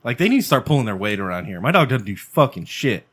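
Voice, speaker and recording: A middle-aged man on a podcast, his voice bright and forward as he spins profane, animated stories. He jumps into voices for the people and animals he describes, cursing freely in loose, casual chat. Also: medium pitch, quick pace, husky. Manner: profane, animated storyteller who acts out voices. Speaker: podcast co-host.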